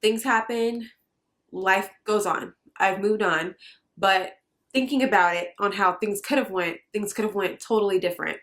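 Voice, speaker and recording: A woman's voice: mid-range voice, normal speed, a bit bright. Earnest young woman vlogger. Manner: earnest, hesitant with many fillers. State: emotional, near tears. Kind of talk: personal testimony vlog.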